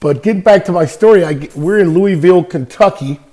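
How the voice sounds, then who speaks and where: An older man from California spins an old ballplayer's tale in a loose, chatty interview. His voice sits a touch high for a man, and he keeps it lively with fillers and quick laughs. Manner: animated anecdote telling with frequent laughs and fillers. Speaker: podcast guest, former baseball player. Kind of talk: casual storytelling interview.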